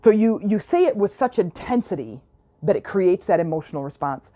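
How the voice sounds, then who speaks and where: A woman's voice: medium pitch, animated, brisk, warm tone. A woman hosting a self-help podcast, talking in a chatty, earnest coaching style, repeating her points and often checking that the listener is following. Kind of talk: casual coaching monologue.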